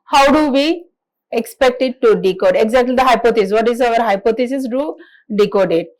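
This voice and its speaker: A woman giving a recorded classroom lecture in a halting, explanatory way, with frequent restarts. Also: fairly high pitch, darkish tone, low-quality recording. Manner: halting explanatory delivery, many restarts and fillers.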